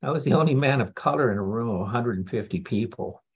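Gravelly, husky man telling his story. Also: mid-range voice, fast talker, dull audio. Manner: candid, wry storytelling with laughs. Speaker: speaker sharing a recovery story. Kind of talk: personal testimony talk.

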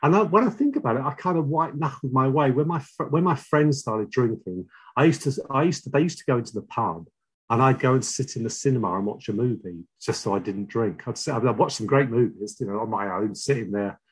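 A middle-aged man with a London accent telling his own recovery story, halting and repeating words, wry and confessional. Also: medium pitch, lively intonation, breathy edge. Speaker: speaker sharing a recovery story. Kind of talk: personal testimony.

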